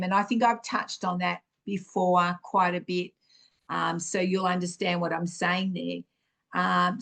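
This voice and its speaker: A woman hosting a podcast, giving an earnest, encouraging spiritual teaching talk, full of fillers and restarts. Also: medium pitch. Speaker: podcast host.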